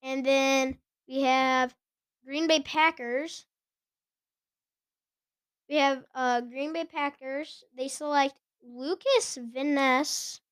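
Woman host, high voice, casual and giggly, often fumbles words, dry close sound. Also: fairly even intonation, slow, pauses often, a bit bright, dry recording. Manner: chatty, giggly, stumbles over names. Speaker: podcast host. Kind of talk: casual sports chat.

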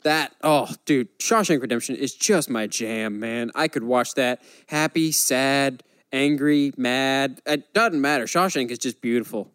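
A man co-hosting a casual chat show, animated and joking with quick asides. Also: medium pitch, clear, resonant tone, dry recording. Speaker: podcast co-host.

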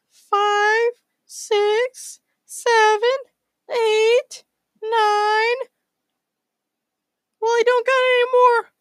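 A man's voice: very high-pitched, fairly bright tone, dry recording, studio quality, voice pushed up, heavily acted. A man voicing a cocky, broke young male space squirrel who talks in a slangy, offhand way. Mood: counting.

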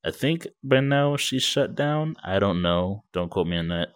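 A man's voice: on the low side, animated, measured pace, clear, resonant tone, dry recording. A man co-hosting a podcast, talking in a laid-back way with casual slang. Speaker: podcast co-host. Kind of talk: casual chat.

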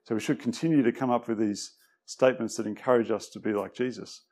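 Aussie male pastor, chatty and hesitant, mid pitch, drops quiet sometimes. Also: fast. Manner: relaxed, hesitant, many fillers; tends to drop quiet. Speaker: preacher. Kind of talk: conversational sermon. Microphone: microphone.

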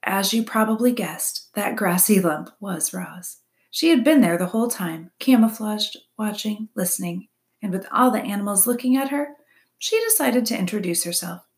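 A woman teacher reading a children's novel aloud to her class, with expressive, often hushed narration. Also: medium pitch, moderate pace. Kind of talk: read-aloud storytelling.

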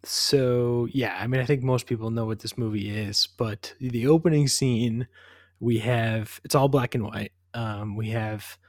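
A man's voice: mid-range voice, unhurried, dry recording, studio quality. A man co-hosting a casual movie podcast, talking loosely with lots of "like" and "kind of". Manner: relaxed, heavy use of "like" and "kind of". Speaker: podcast co-host.

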